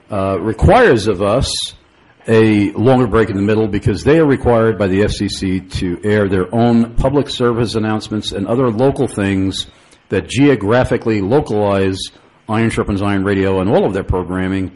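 Low-voiced radio host. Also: male voice, normal speed, a little mellow, rough recording. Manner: hesitant with frequent uh fillers, chuckling asides. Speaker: radio talk show host. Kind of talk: call-in radio talk show.

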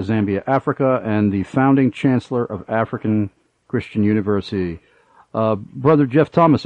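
A man's voice: medium pitch, no echo, narrow, tinny audio. A middle-aged man hosting a Christian radio talk show, speaking earnestly with many fillers.

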